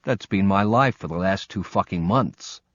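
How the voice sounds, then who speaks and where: A man's voice: low-pitched, moderate pace, a bit bright, no room sound. A man voicing a frazzled male ex-soldier and single father who complains and swears, on slightly muffled audio. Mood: exasperated. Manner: exasperated, swearing.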